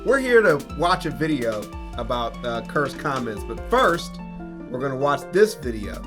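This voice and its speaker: Animated, foul-mouthed man hosting reactions. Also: mid-range voice, moderate pace, over music. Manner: animated, profane, teasing. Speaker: channel host reacting to videos. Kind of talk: casual reaction commentary.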